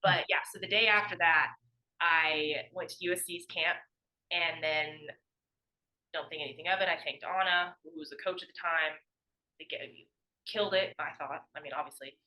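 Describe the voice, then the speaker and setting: A former college athlete, now a young adult, swaps stories in a casual podcast interview with a low, sharp voice of fairly even intonation at a moderate pace. Recorded roughly, she chats away, uses "like" heavily, and dramatizes what others said.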